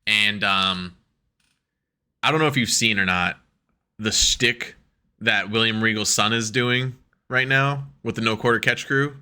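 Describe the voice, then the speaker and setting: A man co-hosting a podcast in casual chat, talking excitedly and profanely and acting out quotes as he goes. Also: on the low side, a little slow, long pauses, clean tone. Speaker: podcast co-host.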